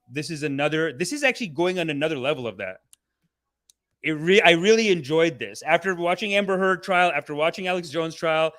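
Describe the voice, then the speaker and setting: Dude with a bright slightly high voice, sweary rambling stream host, laughs a lot. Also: male voice. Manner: profane, rambling, excitable; laughs often mid-sentence. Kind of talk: casual live-stream rant.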